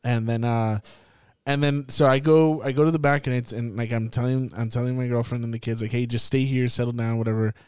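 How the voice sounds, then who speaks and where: A young man hosting a podcast, telling a story in a casual, profane, animated way and acting out the scenes. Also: mid-range voice, a little fast, clean tone, no echo, clean studio sound. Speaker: podcast host. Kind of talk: casual chat.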